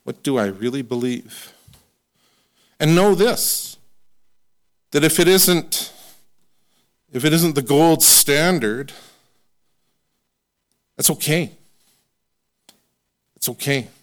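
A man preaching a sermon in a conversational, self-deprecating way, slowing down to stress scripture. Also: on the high side, lively intonation. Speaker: pastor.

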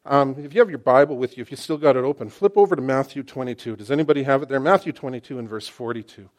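A middle-aged man preaching a sermon in an animated, excitable, conversational way, often restarting his sentences. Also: mid-range voice, quick pace.

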